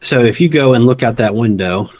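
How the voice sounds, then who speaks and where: A man's voice: medium pitch, brisk, dry recording. A man acting as game master, giving brief, matter-of-fact replies to the players. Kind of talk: running a tabletop game.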